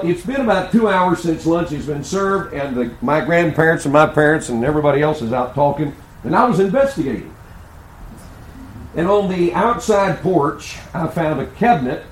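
A male preacher delivers a sermon full of folksy, humorous stories. His voice sits fairly high and swings up and down with animated energy. The sound carries the roomy echo of a large church hall. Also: slight background noise. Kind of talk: sermon with humorous personal storytelling.

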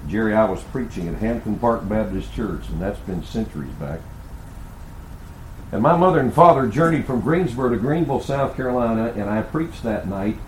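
Older male pastor, animated sermon delivery, roomy sanctuary sound. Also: on the low side, moderate pace, slight background noise. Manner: preaching with rhetorical questions and storytelling. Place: church sanctuary.

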